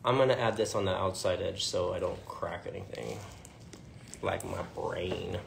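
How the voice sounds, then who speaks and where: A man's voice: low-pitched, normal speed, creaky, roomy sound. Playful man filming dinner on a phone. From New Mexico, US. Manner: playful, joking while cooking. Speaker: vlog host. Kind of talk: casual home cooking vlog. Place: home kitchen at a family dinner table. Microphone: phone held while filming. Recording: noisy phone recording, clattering dishes.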